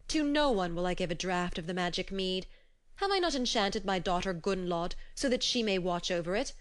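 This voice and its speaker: A woman voicing a furious, scornful male giant in a storybook reading, her voice pushed high and loud. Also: close to an everyday voice. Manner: raging, scornful.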